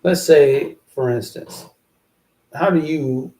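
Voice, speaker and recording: A man hosting a show, thinking aloud in a halting, musing way as he works out verses, repeating phrases to himself. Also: mellow. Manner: slow, low-key, self-questioning. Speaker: podcast host writing rhymes. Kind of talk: casual thinking aloud while writing verses.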